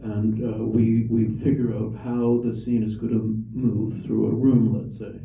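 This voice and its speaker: Older toronto guy over a tinny phone line, distant and roomy, talks slow and wry, lots of restarts. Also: on the low side, level tone, vocal fry. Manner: measured, thoughtful, wry, frequent restarts. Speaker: film director. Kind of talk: interview answers.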